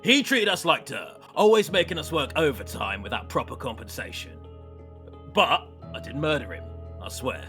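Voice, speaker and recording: A man's voice: fairly high pitch, very animated, moderate pace, sharp tone, faint music behind, full character voice. A man reading the part of a grumbling, defensive male factory worker in a casual table read.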